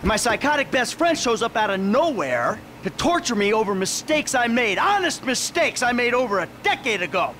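A bitter, sarcastic middle-aged ex-criminal from a video game cutscene. His high voice swings widely as he curses and rants. Loud noise sits under the game audio. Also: very animated, normal speed, few pauses, heavily acted. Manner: sarcastic, cursing, rising into rants.

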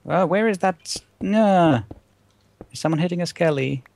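A woman's voice: on the low side, moderate pace, vocal fry, darkish tone. A woman chatting in a laid-back way while playing a game with friends. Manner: laid-back, with bursts of laughter. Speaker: gamer on a team. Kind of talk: casual let's-play chat.

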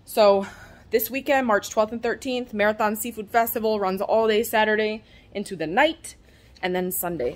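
A woman chatting straight to her phone camera at home, excitable and a little out of breath, in a casual vlog. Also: mid-range voice, moderate pace. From Florida, USA. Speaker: vlogger and small business owner. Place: at home, indoors.

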